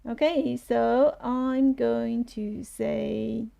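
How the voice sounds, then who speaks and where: Woman teacher, Chinese accent, fairly high voice with a gravelly edge, slow and patient delivery. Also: fairly even intonation, dark tone. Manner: slow, patient, repeats words for learners. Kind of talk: live online language lesson.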